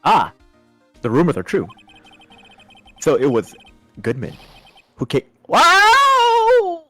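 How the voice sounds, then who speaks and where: A man voicing a bumbling, loyal male police detective who stammers and talks in an excitable, folksy way. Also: medium pitch, measured pace, slightly rough, soft background music. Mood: awed.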